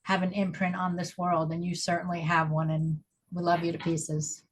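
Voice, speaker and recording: Low, steady-voiced woman giving a tribute. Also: normal speed, slight background noise. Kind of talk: heartfelt tribute on a video call. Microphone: video call.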